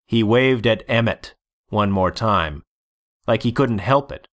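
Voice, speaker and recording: A man reading a story aloud as narrator, deliberate and measured. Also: lowish voice. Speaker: audiobook narrator. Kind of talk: scripted narration.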